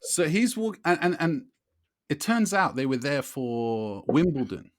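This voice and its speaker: A man, co-hosting a podcast and telling a long story in a lively way, often asking "you know what I mean". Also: a little high, measured pace, no echo. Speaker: podcast co-host. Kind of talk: casual storytelling chat.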